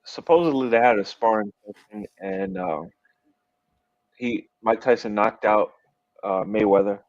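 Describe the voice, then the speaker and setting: A man with a low voice chats casually on a podcast, rambling through stories with plenty of ums and quick laughs. The sound is dry and a little dull, with no room around it. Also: no room sound. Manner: laughs often, loose storytelling with fillers. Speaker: podcast co-host. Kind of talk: casual chat.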